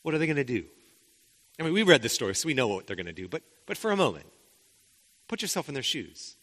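A man's voice: mid-range voice, very animated, fast, fairly bright tone. A man preaching a sermon as the pastor, talking conversationally with rhetorical questions and frequent restarts. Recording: long hall reverb.

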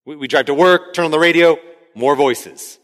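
A man in his thirties preaching a sermon as pastor, conversational and rising to shouts when he acts out a scene. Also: a little high, normal speed. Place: church sanctuary. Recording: hall reverb from a large room.

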